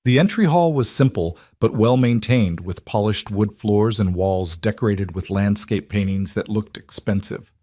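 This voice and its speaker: A man narrating a scripted western story in a measured, dramatic way. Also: lowish voice, dark tone, dry recording.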